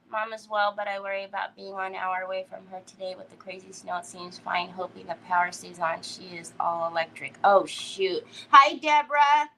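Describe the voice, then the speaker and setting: A woman's voice: medium pitch, fairly even intonation, normal speed, creaky, bright, forceful tone, poor audio. A woman hosting a live crafting stream, chatting casually, giggling often and greeting viewers by name. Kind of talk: casual livestream chat while crafting.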